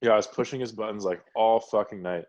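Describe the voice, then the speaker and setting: A man's voice: lowish voice, fast, a little mellow, highs cut off. A young man co-hosting a podcast, telling a rambling, profane story in casual chat and laughing often as he goes. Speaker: podcast co-host.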